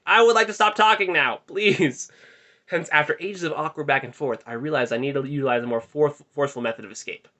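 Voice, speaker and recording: A man's voice: medium pitch, pushed and bright. A young man telling a rambling, self-deprecating story in a casual vlog, recorded in his bedroom. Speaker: vlogger.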